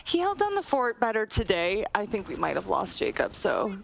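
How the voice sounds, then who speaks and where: Animated woman hosting an esports desk. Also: mid-range voice, normal speed, creaky, a little hiss or hum. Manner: giggly, keeps breaking into laughter. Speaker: esports analyst desk host. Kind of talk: live broadcast desk talk. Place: studio analyst desk.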